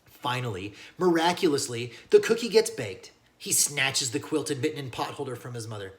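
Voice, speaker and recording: A man teaching as he reads a children's novel aloud, with lively asides that speak to young listeners. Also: mid-range voice, normal speed. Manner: animated, addresses listeners as kiddos. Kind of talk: read-aloud storybook narration with lesson asides.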